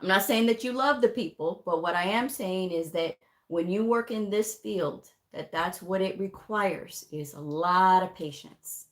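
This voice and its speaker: A woman's voice: lowish voice, a little slow. A woman teaching medical coding in a casual livestream, talking frankly and speaking straight to her viewers. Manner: frank, chatty, addresses viewers directly.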